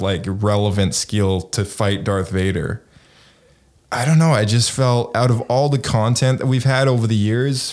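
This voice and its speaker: A man's voice: fairly low pitch, a little mellow. A man co-hosting a casual chat, rambling and full of fillers and hedges. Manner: rambling, filler-heavy, hedging. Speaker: podcast co-host.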